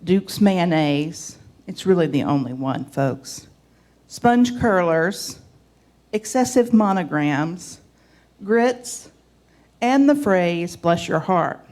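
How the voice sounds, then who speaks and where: Speaking slowly and with animation, a Southern woman in her forties has a medium-pitched, gently mellow voice and a Southern accent. Her homey church reflection mixes scripture reading with folksy asides.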